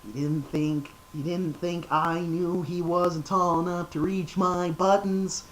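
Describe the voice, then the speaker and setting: A man voicing a sinister male air conditioner from an animated film, slow, creepy and seething. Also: high voice, slight background noise, poor audio. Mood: menacing.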